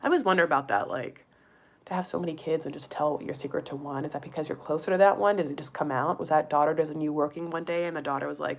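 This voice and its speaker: A recap vlogger with a low voice and vocal fry talks fast in a steady tone. She dishes on a reality show in a casual, gossipy way, using lots of "like" fillers and playful asides while speaking directly to viewers as "you guys" and "honey."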